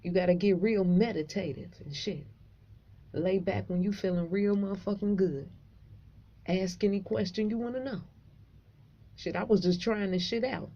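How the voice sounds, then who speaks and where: A woman vlogger tells her story in a loose, profane and animated way. Her voice is mellow and dark. The recording is a little dull and lo-fi. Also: medium pitch, moderate pace. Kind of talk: casual storytelling to camera.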